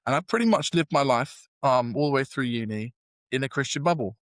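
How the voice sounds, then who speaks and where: A man's voice: mid-range voice, lively intonation, quick pace, no echo. A young British man with a casual, self-deprecating manner, telling a long story in a podcast interview, full of fillers and restarts. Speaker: guest.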